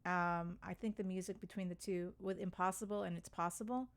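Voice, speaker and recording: A woman co-hosting a casual podcast, gushing excitedly and acting out lines from films. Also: lowish voice, fairly quick. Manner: excitable, gushing, acts out quotes. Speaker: podcast co-host.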